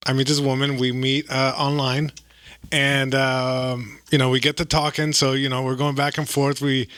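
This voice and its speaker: A man's voice: mid-range voice, little pitch movement, normal speed, a bit bright, dry recording, clean studio sound. A man in his thirties, a comedian guest, telling a story in casual chat with many fillers, restarts and laughs.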